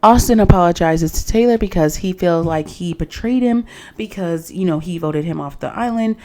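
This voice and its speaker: A woman's voice: moderate pace, a little mellow. A woman giving a casual, sassy recap of a reality dating show, acting out quotes from the cast as she goes. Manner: sassy, acts out cast quotes with rising pitch.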